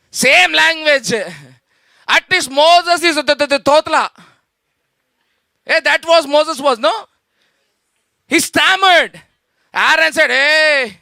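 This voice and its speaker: Man, Indian accent, pastor, sermon, very high voice, dry sound, rhetorical questions, repeated hallelujahs. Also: creaky, pushed and bright, dry recording. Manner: emphatic preaching with rhetorical questions to the congregation; repeats hallelujah and calls out to the church.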